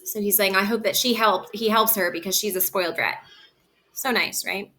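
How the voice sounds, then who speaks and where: Woman reading a play out loud then breaking it down casually, bright clear voice, teacher vibe. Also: medium pitch, steady tone, normal speed. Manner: switches between reading lines aloud and plain paraphrase. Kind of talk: read-aloud with casual explanation.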